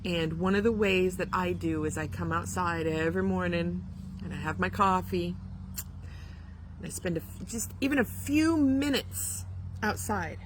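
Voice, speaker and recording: A woman's voice: fairly low pitch, normal speed, background noise. A woman shop owner talking candidly to her viewers from her yard in a rambling way, with frequent ums. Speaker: spiritual shop owner and vlogger. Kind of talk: casual heartfelt chat to camera.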